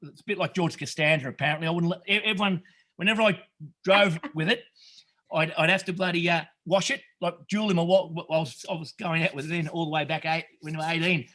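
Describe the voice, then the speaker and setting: Earnest swearing Aussie bloke. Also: male voice, a little high, fairly even intonation, quick pace, bright, forceful tone. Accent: Australian. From Australia. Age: middle-aged. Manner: earnest, swears freely, calls people mate; rambling with many restarts. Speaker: podcast guest, retreat founder. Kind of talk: emotional storytelling.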